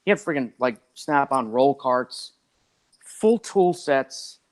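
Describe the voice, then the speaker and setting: A man's voice: mid-range voice, slow pace. Chatty man telling a long story. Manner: rambling and animated, acts out others' lines, many "like" fillers. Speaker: podcast guest. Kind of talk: casual storytelling.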